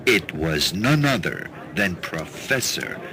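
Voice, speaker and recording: A man's voice: sits low, very animated, takes it slowly, heavy background noise, heavily acted. A man narrating a pulp radio drama in first person as a gritty, hard-boiled action hero. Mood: dramatic. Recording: narration over loud music.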